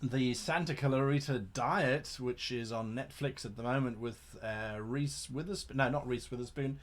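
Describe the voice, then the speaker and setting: A man's voice: medium pitch, normal speed. An Englishman hosting a casual live Q&A as a game master, reading out chat questions in a chatty, enthusiastic way and often repeating words while he thinks. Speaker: livestream host and game master.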